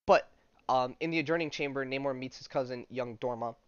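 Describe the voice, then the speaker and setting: A man's voice: mid-range voice, brisk, smooth, no room sound. A young man hosting a podcast, reading a comic aloud and joking about it in slangy, casual talk full of fillers. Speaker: podcast host. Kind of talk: casual comic read-along commentary. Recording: dry, dull lo-fi mic.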